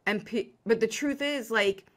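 A middle-aged woman, a business coach, talking in a lively, self-deprecating way with frequent laughs in a conversational interview. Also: fairly high pitch, measured pace.

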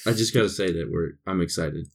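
Podcast guy, lowish voice, rambles a lot, laughs, swears casually. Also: a little fast, creaky. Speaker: podcast co-host. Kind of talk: casual chat.

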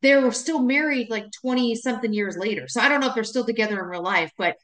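A woman's voice: a little high, fast talker, fairly bright tone. Chatty woman in an echoey room. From Wisconsin. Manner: chatty, rambling, laughs often. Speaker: podcast co-host. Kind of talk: casual podcast chat.

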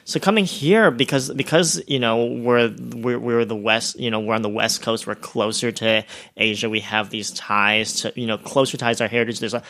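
A man's voice: medium pitch, fairly even intonation, normal speed, a bit bright. A young man from Ohio, a podcast guest, chatting casually and rambling with many fillers and restarts. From Ohio, USA. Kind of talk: casual chat.

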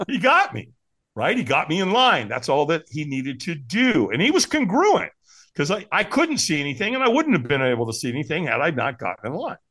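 Slightly rough and a little high, this man's voice moves at a moderate pace as he shares a personal story on a podcast. He's animated throughout, mimicking the people he quotes in a relaxed, conversational way.

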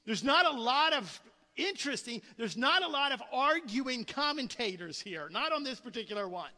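A man preaching in a high, bright voice, animated, and often doubling back on his words. His sermon rings with a long hall reverb, as in a large church. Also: normal speed. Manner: animated preaching with frequent word repetitions. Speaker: pastor.

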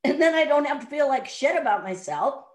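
A middle-aged woman, a sales coach appearing as a podcast guest, speaks bluntly and directly in an interview. Her high voice is expressive and fairly quick, coming through a remote audio call with echoey room sound.

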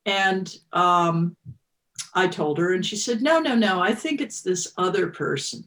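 A woman's voice: lowish voice, a little slow, fairly bright tone. A woman in her fifties telling a personal story as an interview guest, reflective and emotional, with many restarts.

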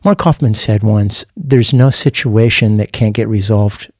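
Husky-voiced man hosting a faith chat. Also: on the low side, unhurried, dry recording, clean studio sound. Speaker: podcast host. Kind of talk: casual faith talk interview.

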